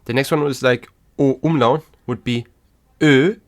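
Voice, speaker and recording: A man hosting a language lesson podcast, talking in a calm, patient way. He leaves small pauses so learners can repeat after him. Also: medium pitch. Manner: slow and patient, pausing between letters. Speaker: German teacher and podcast host.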